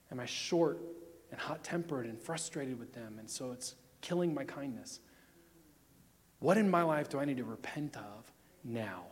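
A man preaching an emphatic sermon, his voice a bit higher than most men's. He moves between loud declarations and hushed stretches, and a long reverb trails each phrase as if in a big hall. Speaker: pastor.

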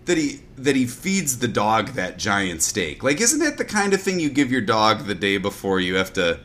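A man's voice: lowish voice, sing-song, normal speed, a bit bright. A man co-hosting a casual movie discussion, earnestly posing questions about scenes. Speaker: podcast co-host.

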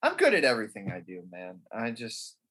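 A man with a husky, slightly breathy voice, bantering crudely and sarcastically on a podcast. He rambles through his jokes with an easy, offhand delivery. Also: on the low side, huge pitch swings, a little fast, a bit bright. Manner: rambling, sarcastic, laughing often.

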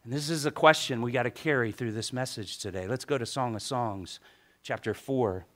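A man preaching a sermon as pastor, animated and joking with the congregation. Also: medium pitch, moderate pace.

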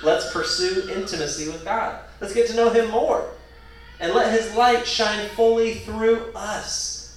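Echoey, earnest man preaching. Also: on the high side. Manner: earnest, conversational preaching with rising emphasis. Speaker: pastor. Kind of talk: sermon. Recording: echoey room, mic at a distance.

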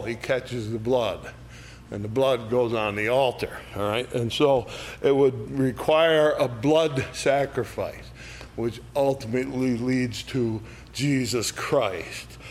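A man leading an adult Bible study, explaining verses in a conversational way and often checking in with "all right?". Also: mid-range voice. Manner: explains verses by acting out lively quoted voices. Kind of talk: unscripted Bible study teaching.

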